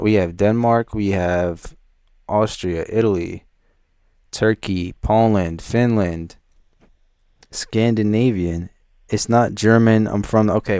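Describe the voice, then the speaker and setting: A man's voice: fairly low pitch, darkish tone, clear, resonant tone, no room sound, clean studio sound. A man hosting a livestream, chatting casually and thinking aloud as he quizzes his viewers. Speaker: livestream host reviewing viewers' beats. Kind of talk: casual live-stream chat.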